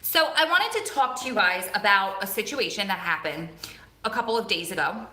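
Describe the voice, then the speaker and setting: A woman's voice: mid-range voice, animated, a little fast, sharp tone. Chatty woman with a strong Jersey–Long Island accent. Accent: New Jersey and Long Island. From Long Island, New York. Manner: chatty, rambling, repeats words for emphasis. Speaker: vlogger on a live stream. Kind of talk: casual live-stream chat. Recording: echoey room.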